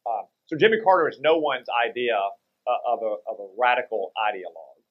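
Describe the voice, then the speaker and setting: A man, a senator guesting on a talk radio show, speaking in a measured, lecturing way. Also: medium pitch, expressive, highs cut off. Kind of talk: political interview.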